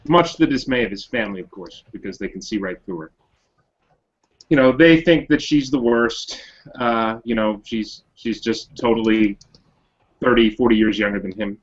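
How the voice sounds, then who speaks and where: A man's voice: lowish voice, moderate pace. A man with a chatty, rambling manner telling a joke during a tabletop game. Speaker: player. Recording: dull lo-fi recording.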